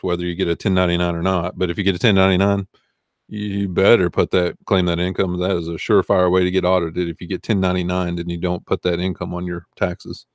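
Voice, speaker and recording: A low-voiced man with a Southern US accent hosts a casual livestream as an eBay reseller, rambling and answering chat comments. The recording is clean studio sound with no room echo.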